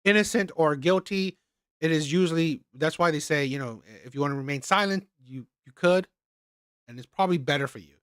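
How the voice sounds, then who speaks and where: A man's voice: on the high side, fairly quick, fairly bright tone, no room sound, clean studio sound. A man hosting a reaction channel, commenting on a clip with indignant rhetorical questions.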